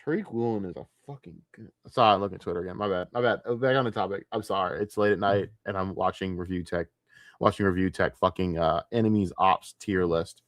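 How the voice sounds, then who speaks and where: Profane ranting male streamer, low voice. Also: fast, no room sound, clean studio sound. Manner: profane, ranting, easily distracted. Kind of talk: late-night casual stream commentary.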